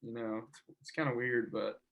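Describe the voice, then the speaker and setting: A young man joins a podcast chat over a video call, sounding relaxed and easygoing. He uses plenty of "like" and "you know", and his voice sits at an ordinary pitch for a man. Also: normal speed, gravelly. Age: young adult. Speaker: podcast co-host and college angler.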